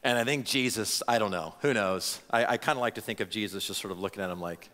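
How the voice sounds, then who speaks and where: A man preaching a sermon as a pastor, talking in an animated, conversational way with frequent restarts. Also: on the low side, a little fast, long reverb tail. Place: church sanctuary.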